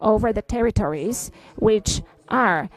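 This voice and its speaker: A woman giving a live interpretation of a formal press statement. Her delivery is halting, broken up by frequent fillers and restarts as she keeps pace with the speaker. Her pitch sits in an ordinary middle register. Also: animated, poor audio.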